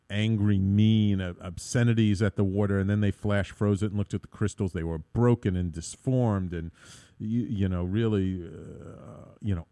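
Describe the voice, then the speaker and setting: A man's voice: lowish voice, mellow, no echo, studio quality. A man hosting his own internet radio talk show, rambling with many fillers and restarts.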